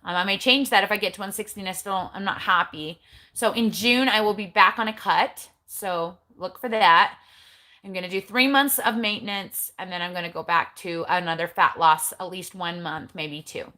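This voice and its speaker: A middle-aged woman talks casually to her livestream viewers, recorded on her phone. Her voice is bright and clear, and her manner is chatty and blunt, full of eye-rolling asides. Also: mid-range voice, normal speed. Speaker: keto vlogger.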